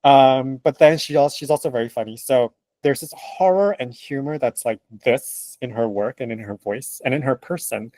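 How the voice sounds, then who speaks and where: A man being interviewed as a translator. He speaks in an animated, emphatic way, laughs often and acts out what other people say. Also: medium pitch, normal speed, hardly any pauses, dry recording. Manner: animated and emphatic, laughing, acting out quoted remarks. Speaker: translator, guest. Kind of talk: conversational interview answers.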